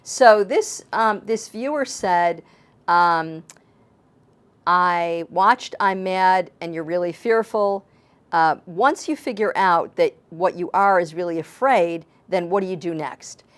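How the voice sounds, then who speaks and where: A woman with a fairly low voice, speaking as a life coach on a television talk show. She talks earnestly and works through everyday examples to make her point. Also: slow pace, clear, resonant tone. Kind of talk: advice talk.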